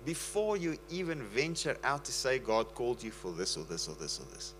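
A man's voice: mid-range voice, expressive, normal speed, hardly any pauses, a bit bright, slight background noise, rough recording. Earnest pleading male preacher. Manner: earnest, pleading, breaks into laughter. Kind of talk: casual sermon talk.

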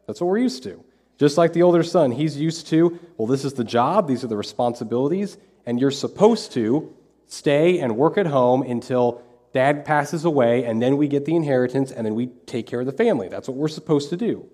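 A man's voice: medium pitch, expressive, brisk, a little mellow. A man preaching a sermon as pastor, talking in a conversational way and repeating phrases for emphasis. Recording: long hall reverb.

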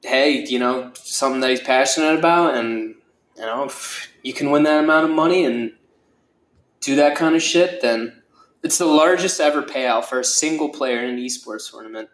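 A man's voice: medium pitch, normal speed, a bit bright. Rambling, profane man in an echoey room. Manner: rambling, profane, with many fillers. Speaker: podcast host. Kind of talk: casual solo podcast monologue.

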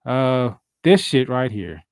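A man's voice: mid-range voice, very animated, slow, clear, resonant tone, no echo. A man co-hosting a wrestling podcast, talking loosely and profanely with frequent laughs. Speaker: podcast co-host. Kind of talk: casual wrestling talk.

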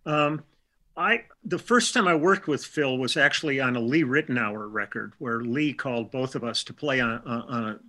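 An older man from Milwaukee with a bright, forceful voice, talking through a long anecdote in a relaxed interview. He wanders through his memories, restarts his sentences and acts out bits of dialogue along the way. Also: mid-range voice, moderate pace. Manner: chatty, anecdotal, with many restarts and quoted dialogue. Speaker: interview guest, session musician. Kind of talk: casual storytelling interview.

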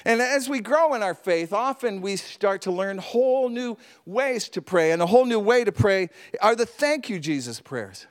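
A male pastor delivering a sermon in a notably high voice. He preaches in an animated, storytelling way, with chatty asides and laughs. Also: normal speed, hardly any pauses.

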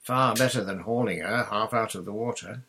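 A man's voice: fairly low pitch, normal speed, bright, forceful tone, a little hiss or hum. A man doing a confident boy captain. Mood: assured. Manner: assured and commanding.

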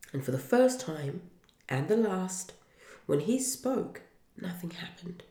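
A woman reads a children's storybook aloud with an earnest, heartfelt delivery. Her voice is low and gravelly and she takes her time, in a room with a clear echo. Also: very animated, slow pace, dark tone. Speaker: parent reading to listeners. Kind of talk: storybook reading. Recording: roomy echo.

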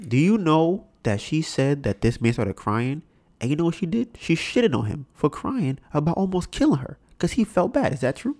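A man hosting a podcast, telling stories in an animated, profane way and often asking "right?". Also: a little high, moderate pace. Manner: animated, profane storytelling with many rhetorical "right?"s. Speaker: podcast host. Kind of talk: casual chat.

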